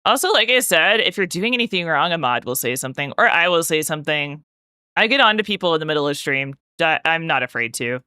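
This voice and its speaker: Streamer girl talking to chat while she paints, rambly with lots of "like", bright crisp voice, dry close sound. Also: low voice, expressive, fast talker, no room sound. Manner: rambling storytelling full of "like" fillers. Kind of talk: casual chat with live-stream viewers.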